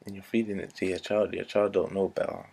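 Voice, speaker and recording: A man's voice: deep voice, flat delivery, fast, creaky, noisy background. A man, ranting earnestly to camera, repeating himself and dropping to a near-whisper at times. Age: 20s. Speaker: vlogger. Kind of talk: unscripted rant to camera.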